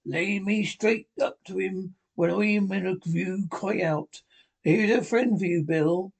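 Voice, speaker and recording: A man voicing a cruel blind old male beggar, soft-spoken and threatening in a sing-song way. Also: high-pitched, measured pace, creaky, breathy edge, full character voice. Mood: menacing.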